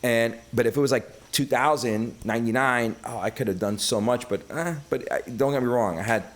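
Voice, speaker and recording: Man, middle-aged, casual podcast guest, swears a lot, plays out quoted voices, mid-range pitch. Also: brisk. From Brooklyn, New York. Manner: profane, animated, acts out quoted voices. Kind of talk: casual storytelling chat.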